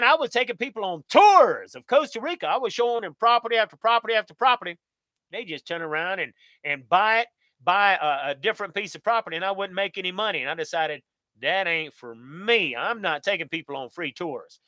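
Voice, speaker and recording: A man's voice: high-pitched, bright, forceful tone, no room sound. A middle-aged American man, hosting a live Q&A stream in a folksy, upbeat way, talking straight to his viewers. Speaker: channel host.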